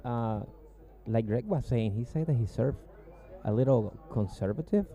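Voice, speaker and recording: Gravelly, dark-toned surf co-commentator man. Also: mid-range voice, animated, normal speed. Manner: chatty, reads out scores. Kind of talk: live sports commentary.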